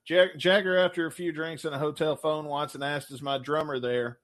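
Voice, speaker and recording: A man with a somewhat high voice, talking loud and crude with plenty of swearing. He reads trivia questions slowly and jokes around in a casual chat. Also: fairly even intonation. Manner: crude, loud and jokey, with profanity. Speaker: podcast co-host.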